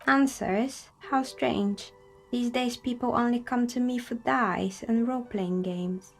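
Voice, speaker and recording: A woman voicing a polite, soft-spoken female dice maker in a video game, calm and friendly. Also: on the high side, slow, gravelly, heavily acted.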